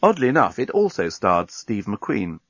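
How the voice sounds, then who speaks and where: A man's voice: lowish voice, very animated, normal speed, a bit bright, no echo, dull audio. A man narrating an audiobook in a dry, wry manner.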